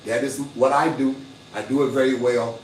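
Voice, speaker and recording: A man's voice: medium pitch, steady tone, moderate pace, recorded from a distance, a little hiss or hum. Boastful older man in an echoey room. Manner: boastful, hustling, preachy. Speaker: livestream host. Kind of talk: casual livestream talk.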